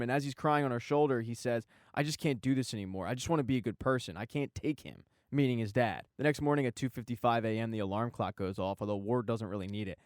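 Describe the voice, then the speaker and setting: Fast-talking male recap narrator. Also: medium pitch, no room sound, studio quality. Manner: quick, jokey and irreverent. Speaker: TV recap host. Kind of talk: casual scripted recap narration.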